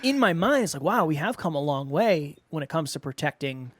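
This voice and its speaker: A man co-hosting a podcast in casual chat, relaxed and chatty with a self-deprecating tone. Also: a little high, fairly quick, no room sound. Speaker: podcast co-host.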